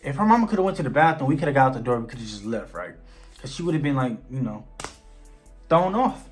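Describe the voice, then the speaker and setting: A young man tells a story to his viewers in loose, slangy speech. His voice sits at a middling pitch, and he jumps into the dialogue to act it out. Soft music plays quietly underneath. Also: fast talker. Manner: animated, slangy, acts out quoted dialogue. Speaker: vlogger. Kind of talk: storytime vlog.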